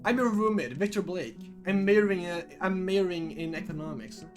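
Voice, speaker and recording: A man's voice: sits high, brisk, faint music behind, lightly acted. A man voicing a friendly, chatty young male college roommate who talks politely and eagerly.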